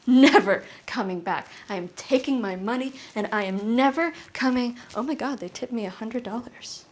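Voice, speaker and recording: At home in her apartment, a young woman performs solo stand-up, telling a story animatedly at a moderate pace with hardly any pauses. When she acts out scenes, her voice jumps to high shrieks.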